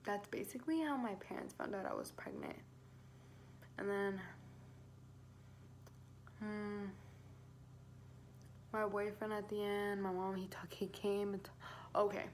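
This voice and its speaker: A pregnant teenage girl talks straight to her camera, rambling through her story with constant fillers and easy swearing. Her voice sits at an ordinary pitch for a young woman. A faint hum of room noise sits behind her. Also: very animated, unhurried, long pauses. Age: teens. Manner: chatty, swears freely, heavy filler "like". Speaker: vlogger.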